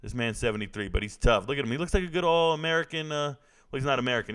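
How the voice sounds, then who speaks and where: A man casually commenting live on a fight broadcast, reacting excitedly and talking to his chat. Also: mid-range voice, fast talker, smooth.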